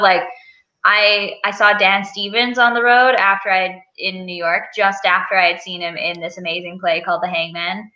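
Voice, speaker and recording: A woman guest chatting casually on a video call, telling stories in an animated, giggly way with lots of restarts. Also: mid-range voice. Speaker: touring musical theatre performer, guest. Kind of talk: casual chat. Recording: dull, roomy lo-fi livestream audio.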